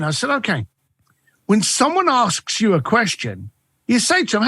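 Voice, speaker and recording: A man's voice: high-pitched, very animated, a little fast, vocal fry, pushed and bright, no echo, clean studio sound. A middle-aged man, a guest author and coach, telling stories in an interview and acting out the dialogue with shifting voices. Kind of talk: animated interview storytelling.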